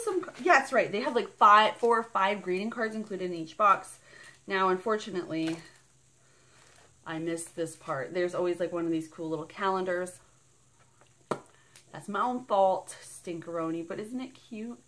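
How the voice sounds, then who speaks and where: A woman's voice: mid-range voice, sharp tone. A woman vlogging an unboxing in a casual, bubbly and rambling way, gushing over each item. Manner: bubbly and gushing, squealing with delight; rambling and chatty.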